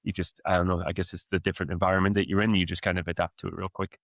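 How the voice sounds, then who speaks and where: A man in his thirties with a softened Geordie accent, reflecting on his coaching path in a casual podcast interview, rambling with many fillers. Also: sits low, level tone, racing, creaky, dry recording. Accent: Geordie, softened by years in the US. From Newcastle, England. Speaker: guest, football coach.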